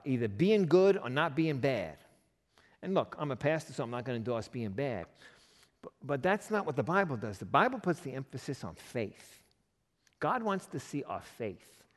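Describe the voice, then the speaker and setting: A man pastor delivers a sermon with a lively, swooping voice that sits a little high for a man. He talks conversationally and keeps throwing rhetorical questions at the room. His voice rings out with a long reverb, as in a big church sanctuary.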